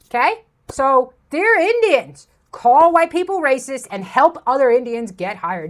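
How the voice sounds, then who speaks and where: A woman's voice: high voice, animated, normal speed. A woman hosting a commentary video, ranting in an abrasive, insulting, sarcastic way from a room with a plain wall. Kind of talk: ranting commentary over clips.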